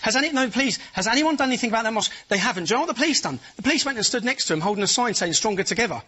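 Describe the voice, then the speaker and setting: A man's voice: extremely high pitch, expressive, racing, bright, forceful tone, husky. A man from England as a guest in a heated TV studio debate, insistent and repeatedly pushing to finish his point.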